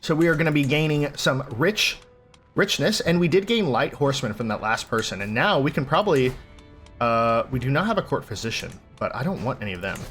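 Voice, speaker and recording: A young man hosting a role-play playthrough of a strategy game, mixing read-out story text with casual, enthusiastic commentary. His voice sits at an ordinary middle pitch. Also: lively intonation, brisk, a bit bright, faint music behind. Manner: chatty, enthusiastic, reads game text aloud. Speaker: gaming channel host.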